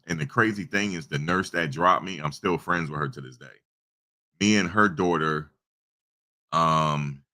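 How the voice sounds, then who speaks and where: Very deep-voiced man rambling casually. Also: sharp tone. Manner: rambling storytelling with many restarts. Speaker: channel host. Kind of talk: casual live-stream chat. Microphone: desktop USB microphone.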